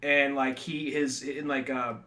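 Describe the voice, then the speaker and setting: A man's voice: medium pitch, little pitch movement, measured pace, pushed and bright. A man co-hosting a podcast in casual chat, rambling and swearing as he retells scenes from memory. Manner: rambling, profane, laughs at his own retellings. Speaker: podcast co-host.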